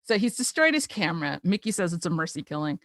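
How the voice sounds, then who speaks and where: A woman's voice: lowish voice, fast talker, dry recording. A woman hosting a podcast, chatting casually and retelling a cartoon episode with lots of laughter. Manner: giggly, animated storyteller. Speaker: podcast host. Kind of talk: casual chat recapping a cartoon.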